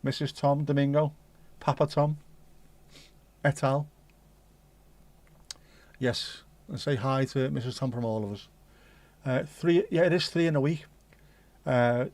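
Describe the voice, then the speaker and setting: With a medium-pitched, slightly mellow voice and no echo, a man hosts a casual livestream. He reads out viewer messages and rambles in a jokey, sweary way full of British slang.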